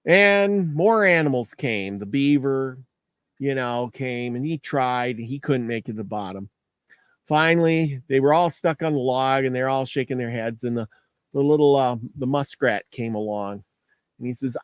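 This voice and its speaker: Man, casual folksy storyteller, restarts phrases, mid pitch, dry close sound. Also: moderate pace, clean tone, no echo, highs cut off.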